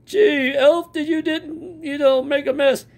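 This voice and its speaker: A man's voice: very high voice, fairly even intonation, unhurried, vocal fry, pitched above the performer's own voice, heavily acted. A man voicing Santa Claus, a jolly, bossy old man who laughs "ho ho ho" and scolds his elf.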